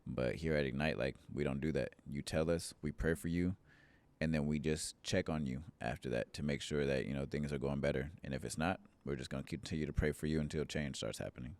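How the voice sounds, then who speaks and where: Very deep-voiced young man, earnest. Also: brisk, no room sound. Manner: relaxed, earnest storytelling. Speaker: church member, podcast guest. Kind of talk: casual podcast chat, personal testimony.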